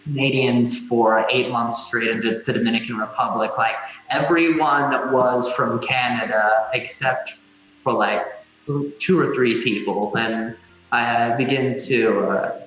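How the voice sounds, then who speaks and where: A man talking in a casual chat, hesitant and filling pauses with frequent uh. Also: mid-range voice, fairly even intonation, a bit bright, dull audio. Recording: very echoey room with hiss.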